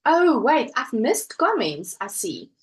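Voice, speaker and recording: A woman's voice: sits high, very animated, takes it slowly, rough recording. A woman hosting a casual crafting live stream from home, chatting and reading viewer comments aloud. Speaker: livestream host.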